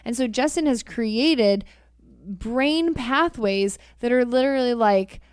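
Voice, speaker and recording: A woman's voice: fairly high pitch, takes it slowly, clear, resonant tone, dry recording, clean studio sound. A woman co-hosting a relationship podcast, chatting casually with her husband and acting out playful quotes. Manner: animated, acts out playful quotes. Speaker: podcast co-host.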